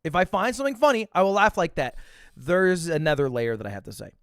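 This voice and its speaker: A man in his twenties, a streamer telling a story in casual chat, animated and swearing, with sudden bursts of loud laughter. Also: on the high side, fast, dry recording, clean studio sound. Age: 20s.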